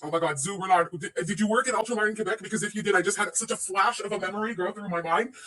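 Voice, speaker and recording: A woman's voice: medium pitch, racing, a bit bright. A woman in her thirties hosting a casual livestream, sarcastic and profane, laughing often as she reacts. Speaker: livestream host reacting to another streamer. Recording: voice a bit far from the mic.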